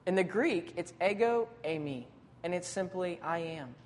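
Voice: mid-range voice, moderate pace, big-room sound, a little hiss or hum. Casual, conversational preacher. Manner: lively, dramatic retelling of scripture scenes. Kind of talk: sermon.

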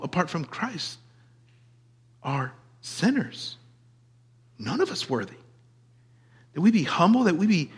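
A man preaching a sermon in an emphatic way, swinging from loud declarations down to quiet asides. His voice sits a little high for a man. The long reverb of a large hall trails each phrase. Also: breathy edge. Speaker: pastor.

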